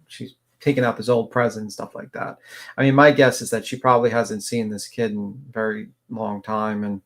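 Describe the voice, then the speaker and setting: Rambling man co-host, mid-pitched. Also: steady tone, normal speed, gravelly, a bit bright. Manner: rambling, filler-heavy. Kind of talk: casual true-crime chat.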